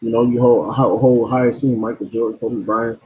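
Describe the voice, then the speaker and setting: A man delivers an informal sermon in a blunt, preachy way. He restarts words and repeats himself, his voice at a middling pitch. The sound is thin and phone-like. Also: steady tone, normal speed, slight background noise.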